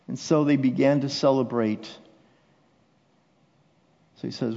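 A male pastor delivers a sermon at a slow, deliberate pace, dropping to hushed, intimate lines before rising into loud, impassioned declarations. His voice carries a long hall reverb, heard through a dull, muffled recording. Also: mid-range voice.

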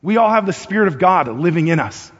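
A pastor with a high, breathy-edged voice preaches fairly quickly with lively intonation. He keeps it conversational, often repeating words, and pushes his voice up when acting out urgent appeals. The sound is dull, with long hall reverb.

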